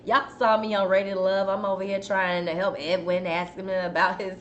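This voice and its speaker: A woman's voice: mid-range voice, level tone, a little fast, dull audio. A woman hosting a casual live chat, talking straight to her viewers and fighting a cough from a dry throat. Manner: chatty, addresses viewers as "y'all". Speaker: host. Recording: faint background noise.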